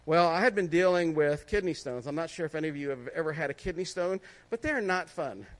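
High-voiced man sharing a conversational testimony. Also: lively intonation, a little fast. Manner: conversational, laughs often, asks listeners "right?". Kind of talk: testimony sermon.

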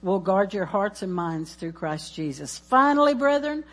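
A woman's voice: medium pitch, very animated, moderate pace, few pauses, a bit bright. A woman preaching in church, exuberant and laughing as she chants scripture and calls out praise. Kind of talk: sermon.

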